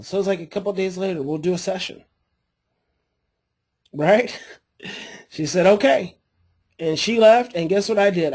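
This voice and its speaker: A man, an adoption coach and therapist, telling a story to his class in a lively way and acting out the people in it. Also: high-pitched. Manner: animated storytelling, acts out quoted voices.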